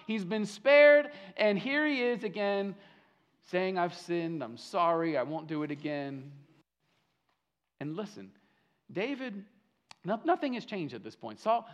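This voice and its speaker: A man with a fairly high voice preaches a sermon. He tells the story with animation, acting out what the figures say, and he often repeats words and restarts sentences. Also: fairly bright tone, highs cut off. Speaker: pastor.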